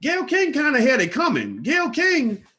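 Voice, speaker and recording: A man's voice: very high-pitched, huge pitch swings, normal speed, pushed and bright, breathy edge. A man giving casual commentary to his viewers, emphatic and insistent, repeatedly demanding yes-or-no answers, with frequent stammering restarts. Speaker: online commentator.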